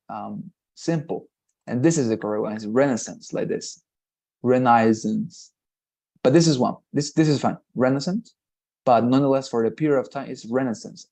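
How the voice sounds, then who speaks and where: A man teaches an English lesson, going through the grammar one step at a time. His voice is dark and mellow, and he keeps asking "right?" to check his students are following. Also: medium pitch. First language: Spanish. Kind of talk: online class explanation.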